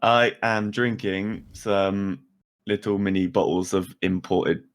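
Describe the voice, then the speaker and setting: Male podcast co-host, lowish voice, dry humour. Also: steady tone, takes it slowly. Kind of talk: casual chat.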